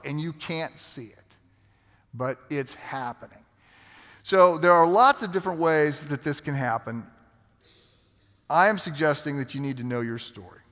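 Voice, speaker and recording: A male pastor telling a story in a conversational sermon, with halting restarts. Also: a little high, a bit bright. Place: large church sanctuary. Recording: long hall reverb.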